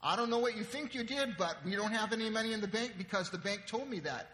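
A man voicing an upset wife who is frustrated about money, with shrill, exasperated outbursts. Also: expressive, fast talker, bright, forceful tone. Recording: long reverb in a large hall.

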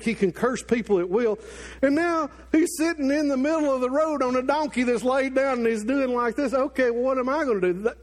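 A middle-aged male pastor preaching a sermon, telling a story with lively acted-out quotes and asides to the congregation. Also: very high voice.

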